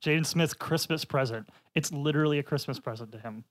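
A man's voice: on the high side, fairly quick. Wry man joking on a podcast. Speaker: podcast co-host. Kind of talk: casual chat.

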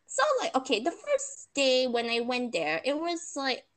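A young woman tells a story in casual chat, her bright with laughter and sarcastic asides. Her voice sits fairly high and leaps widely in pitch as she talks. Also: animated, unhurried.

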